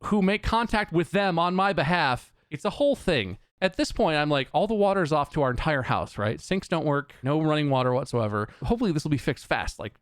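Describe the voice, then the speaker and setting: A man's voice: a little high, very animated, fast talker, hardly any pauses, no room sound, clean studio sound. A man telling a long exasperated story on a podcast, swearing often and acting out both sides of the conversation. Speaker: podcast co-host. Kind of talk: casual storytelling rant.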